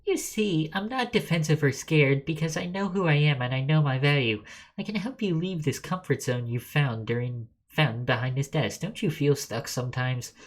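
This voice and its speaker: A man voicing a pushy female self-improvement coach in a high, sing-song falsetto, lecturing while reading game dialogue aloud. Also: expressive, moderate pace. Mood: preachy.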